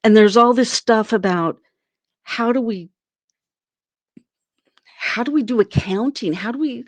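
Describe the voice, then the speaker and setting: A woman from Arizona, a guest in an interview, tells a personal story in a fairly high voice at a slightly slow pace. She's animated, acting out what people said in a raised voice, and there's no room sound.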